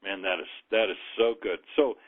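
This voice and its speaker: A man's voice: low-pitched, fairly quick. A man hosting a radio talk show, enthusiastic and friendly as he introduces his guest. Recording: tinny phone line.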